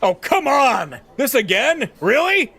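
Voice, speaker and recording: A man voicing a stressed, impatient male freelance reporter who loudly tells someone to calm down. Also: very high-pitched, slow pace, gravelly, slightly rough, pitched above the performer's own voice, heavily acted. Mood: exasperated. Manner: exasperated, loud, pushy.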